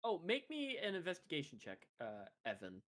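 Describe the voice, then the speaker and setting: A man's voice: a little high, huge pitch swings, fairly quick, a bit bright. A man running a tabletop game as game master, narrating casually with chuckles and hesitant fillers.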